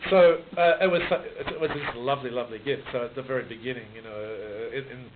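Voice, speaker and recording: Aussie guy in his 60s rambling thoughtfully, keeps restarting, tinny muffled recording with hiss. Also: medium pitch. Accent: Australian. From Australia. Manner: halting, with frequent restarts and repeated words. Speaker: author being interviewed. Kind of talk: reflective conversational storytelling. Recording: muffled phone-like recording with noise.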